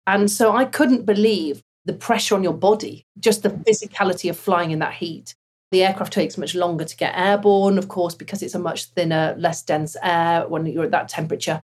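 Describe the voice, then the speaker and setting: A woman, a former fighter pilot, telling stories in a casual interview with animated laughter. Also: fairly low pitch, moderate pace, slight background noise.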